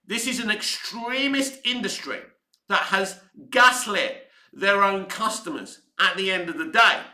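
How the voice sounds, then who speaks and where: Angry ranting man, high bright voice. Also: measured pace, reverberant. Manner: heated, sweary, ranting. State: voice going hoarse. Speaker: online commentary host. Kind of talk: angry opinion rant.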